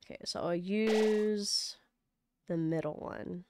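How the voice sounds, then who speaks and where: A young woman streamer chatting casually and excitedly while playing a game. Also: on the low side, slow, heavy background noise. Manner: chatty, apologetic, easily excited. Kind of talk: casual gameplay commentary.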